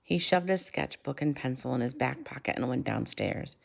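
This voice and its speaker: A woman reads a children's novel aloud in a low, gravelly voice. She keeps a measured pace and slows down for effect. At times she drops to a hush. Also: lively intonation. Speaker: reader.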